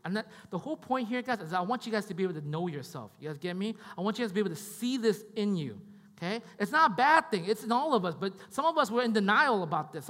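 Lively, conversational male preacher. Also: high-pitched, big-room sound. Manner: conversational, repeats himself, keeps checking in with "right?" and "okay?". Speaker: pastor. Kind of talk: sermon.

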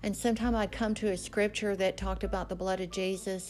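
A woman's voice: medium pitch, steady tone, brisk, hardly any pauses, darkish tone. A woman hosting a faith podcast, telling a story and preaching in an emphatic, conversational way. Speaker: podcast host.

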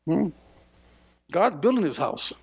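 Male pastor, emphatic sermon delivery with stammering repeats; gravelly, long church reverb. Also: sits high, sing-song, slow.

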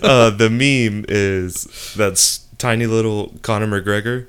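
A man's voice: on the low side, fairly even intonation, slow pace, heavy background noise. A young man chatting casually with friends on a podcast, laid-back and self-deprecating, swearing often. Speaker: podcast co-host. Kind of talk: casual chat among friends.

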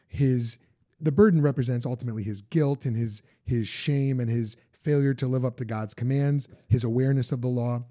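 A man hosting a podcast, chatting casually and haltingly, often restarting sentences. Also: mid-range voice, dark tone, no room sound. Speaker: podcast host. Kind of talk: casual interview chat. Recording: dull lo-fi sound.

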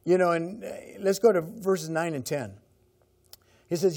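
A man's voice: on the high side, moderate pace, long pauses, mellow. A middle-aged man preaching a sermon in a conversational way, repeating key phrases. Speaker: pastor.

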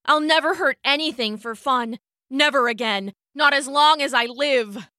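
A woman's voice: sits high, moderate pace, sharp tone, no room sound, studio quality. A woman voicing a young man who pleads weakly and thickly as his strength is drained. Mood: tearful.

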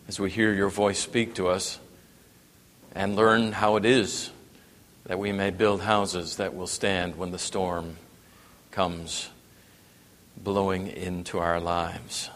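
A man preaching a sermon, dropping to a hush and then rising to emphatic, raised passages. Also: low-pitched. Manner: wide swings from hushed to emphatic preaching. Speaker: pastor. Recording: long reverb in a hall.

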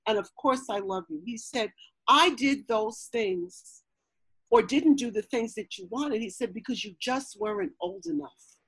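Husky-voiced woman sharing a personal story. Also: a little high, no room sound, rough recording. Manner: earnest, many fillers and restarts.

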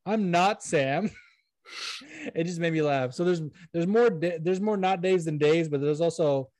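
A man's voice: a little high, normal speed, mellow, no echo. A young man hosting a podcast in casual chat, rambling and self-deprecating, swearing now and then. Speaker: podcast host.

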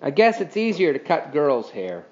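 A man's voice: wildly swooping pitch, normal speed, dull audio. A man voicing a bossy, scolding girl. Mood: matter-of-fact. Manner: shrill, scolding.

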